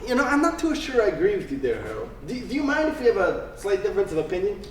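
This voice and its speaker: An actor playing a volatile, profane young male street thug in a live stage play, brash and quick to laugh. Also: high voice, sing-song. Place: theater stage. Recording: roomy stage, distant mic, faint hiss.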